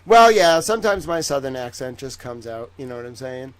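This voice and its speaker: A man hosting a livestream in a rambling, jokey way, swinging between loud bursts and soft asides. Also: mid-range voice, animated, a little fast. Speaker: livestream host. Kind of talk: casual livestream chat.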